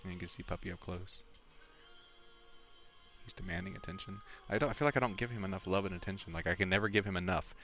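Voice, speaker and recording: A man's voice: deep voice, fast talker, pauses often, fairly bright tone, highs cut off, soft background music. A man streaming a game, chatting casually in a rambling, candid and emotional way. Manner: rambling, candid and emotional, talks to his dog. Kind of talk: casual live-stream chat.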